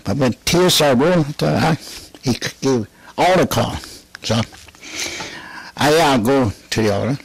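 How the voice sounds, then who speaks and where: A man's voice: mid-range voice, lively intonation, measured pace, creaky, pauses often, breathy edge, no echo. A man giving a fervent spoken religious testimony. He laughs often between phrases and repeats key phrases with rising emphasis.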